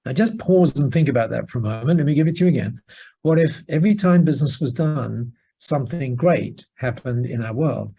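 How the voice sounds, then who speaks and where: Australian male guest, animated storyteller, mid-pitched. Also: brisk, creaky, husky. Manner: animated storyteller, chuckles often. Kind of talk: storytelling in a podcast interview.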